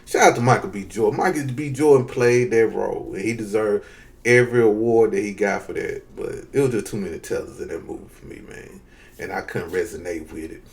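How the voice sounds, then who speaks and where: A man's voice: fairly low pitch, a little fast, creaky. Casual Southern man ranting to camera. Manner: loose, conversational, profane, addresses viewers as y'all. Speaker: vlogger giving opinions. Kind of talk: casual opinion rant.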